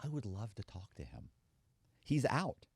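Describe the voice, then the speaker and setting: A man's voice: lowish voice, wildly swooping pitch, measured pace, creaky, breathy edge, no room sound. A man, a former con man, talking candidly in a casual podcast conversation and acting out quoted voices.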